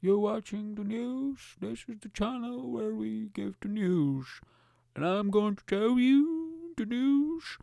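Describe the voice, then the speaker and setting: A man doing a comic impression of a pompous, slow-talking male TV news anchor with drawn-out, overly formal announcing. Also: high voice, expressive, vocal fry, warm tone, dry recording, voice pushed up, heavily acted.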